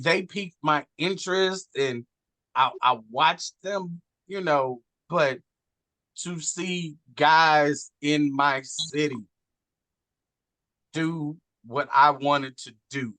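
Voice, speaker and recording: A man, talking casually and earnestly as a guest, animated and swearing now and then. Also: mid-range voice, no echo. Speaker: guest on a wrestling talk show. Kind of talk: casual heartfelt chat.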